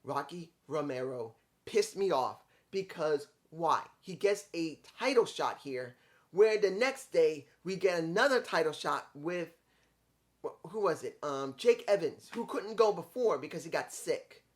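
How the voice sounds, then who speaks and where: Male wrestling reviewer, slightly higher-pitched, casual and rambling, easily frustrated, stumbles over words. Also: expressive, unhurried. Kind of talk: casual opinion commentary.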